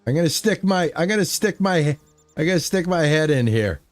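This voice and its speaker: While he plays a farming game, a male streamer talks loosely and easily with his live chat, wandering from topic to topic. His voice sits on the high side, expressive and fairly quick. There's no room sound, just soft background music.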